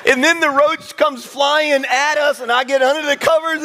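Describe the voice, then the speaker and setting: Animated preacher man in a reverberant church. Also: very high voice, a little fast, few pauses. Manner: animated storytelling with self-mocking humor. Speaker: pastor. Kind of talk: sermon. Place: large church sanctuary.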